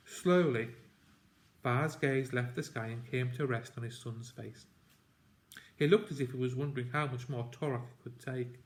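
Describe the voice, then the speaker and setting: A man reading a children's novel aloud in a slow, measured, deliberate way. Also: medium pitch, steady tone. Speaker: audiobook reader. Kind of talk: storybook read-aloud narration.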